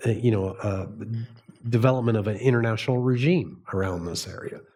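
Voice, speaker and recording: Hoarse, husky-voiced Canadian man. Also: lowish voice, brisk, a little mellow. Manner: thoughtful, with frequent fillers. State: hoarse, losing his voice. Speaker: author and guest speaker. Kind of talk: live public book talk.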